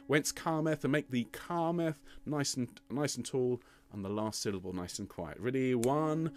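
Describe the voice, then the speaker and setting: A man teaching a choir part, patiently explaining and singing short demonstration phrases with encouragement. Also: mid-range voice. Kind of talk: choir rehearsal tutorial. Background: piano accompaniment.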